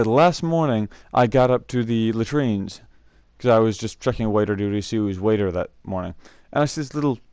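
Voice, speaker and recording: In a casual storytelling vlog, a young man who tells scout camp stories rambles through them, laughing often and plugging gaps with "uh" amid many fillers and restarts. His voice is fairly low and darkish, recorded with clean studio sound and no room sound.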